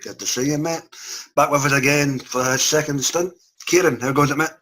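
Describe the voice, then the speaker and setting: Chummy male host, husky and punchy, jokes with his panel over a video call. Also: a little high, fairly even intonation, brisk, fairly bright tone. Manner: jokey, chummy, calls everyone mate. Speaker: podcast host. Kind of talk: casual review chat.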